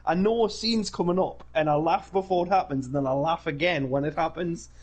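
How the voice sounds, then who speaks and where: Co-host, male, husky, slightly high voice, enthusiastic, laughs often. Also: a little fast. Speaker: podcast co-host. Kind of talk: casual chat.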